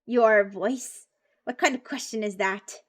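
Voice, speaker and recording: A text-to-speech voice plays a snobbish male robot fish doctor, speaking in a pompous, condescending way with a haughty mood. The voice is high, unhurried, a bit bright, and clipped.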